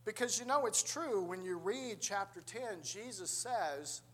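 A man's voice: high-pitched, lively intonation, a little slow, fairly bright tone. A man preaching a sermon, telling a story and acting out the voices of the people in it.

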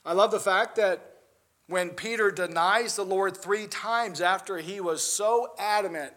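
Man, pastor preaching, earnest, rises to emphatic peaks; higher-pitched. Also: a little slow, fairly bright tone. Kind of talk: sermon.

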